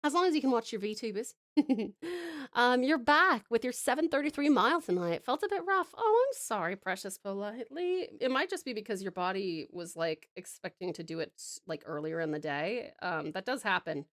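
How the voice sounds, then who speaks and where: A woman's voice: medium pitch, animated, normal speed, a bit bright, dry recording, clean studio sound. Giggly woman chatting with viewers. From Tasmania, Australia. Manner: giggly, rambling, lots of fillers. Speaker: streamer. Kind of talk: casual chat with viewers while drawing.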